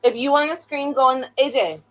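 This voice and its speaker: A woman's voice: high voice, brisk, fairly bright tone. A young woman on a casual live stream, blunt and profane, scolding her children between complaints about critics. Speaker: livestreamer.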